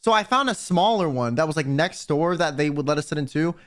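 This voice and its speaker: A man's voice: on the high side, fairly quick. A young American man telling a rambling story to his viewers, full of fillers and restarts. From United States. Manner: rambling, filler-heavy, animated quoting. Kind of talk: casual storytelling.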